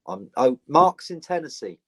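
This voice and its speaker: A man's voice: a little high, lively intonation, normal speed, gravelly. A man in a casual chat, giving brief, agreeable and jokey replies.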